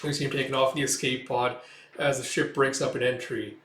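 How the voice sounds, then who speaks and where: A man's voice: mid-range voice, flat delivery, a little fast, fairly bright tone. Rambling man recapping a comic, echoey. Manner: rambling, filler-heavy, acts out the dialogue. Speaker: host. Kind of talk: casual comic book recap. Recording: roomy echo.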